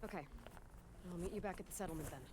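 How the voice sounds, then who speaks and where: Quick-talking young huntress in a game, a woman voicing her, steady and determined, loud noise all around. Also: on the low side, close to an everyday voice. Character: young female hunter, determined outcast. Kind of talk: video game dialogue. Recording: game audio under loud ambient noise.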